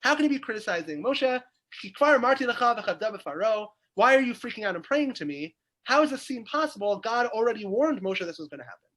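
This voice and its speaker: Animated rabbi teaching. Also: male voice, very high-pitched, fairly quick. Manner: animated, explains by asking questions aloud. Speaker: rabbi teaching a weekly Torah class. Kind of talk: lively text study lecture. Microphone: video call.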